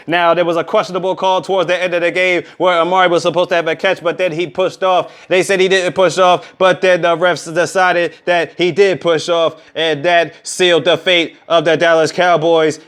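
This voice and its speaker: A man giving a casual, energetic recap of football scores, full of trash talk. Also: high-pitched, clean tone. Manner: energetic, trash-talking, repeats "bottom line is". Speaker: sports recap vlogger. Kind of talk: casual sports recap monologue.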